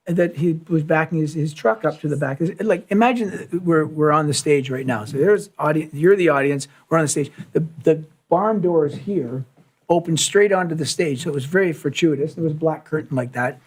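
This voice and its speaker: Guy spinning a lively story, acts out all the bits, voice on the higher side. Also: moderate pace. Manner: animated storyteller, acts out quotes and sounds. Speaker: musician telling a story. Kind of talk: live storytelling session.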